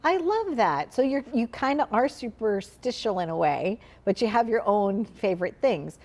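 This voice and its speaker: A woman's voice: a little high, lively intonation, moderate pace, darkish tone. A woman from Saint Louis hosting a talk show, asking rambling, chatty questions full of "like" in a casual interview. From Midwest US, Saint Louis.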